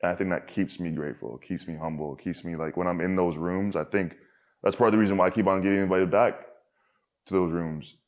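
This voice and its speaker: Young male guest, low-pitched, rambling and sweary, slightly muffled recording. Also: fairly even intonation, fast. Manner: rambling, heavy filler words and frequent swearing. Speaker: podcast guest. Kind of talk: candid casual conversation.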